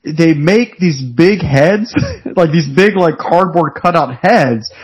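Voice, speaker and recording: A man's voice: a little high, slow, slightly rough. A man co-hosting a podcast, bluntly and profanely recapping a movie in casual chat, laughing often. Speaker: podcast co-host.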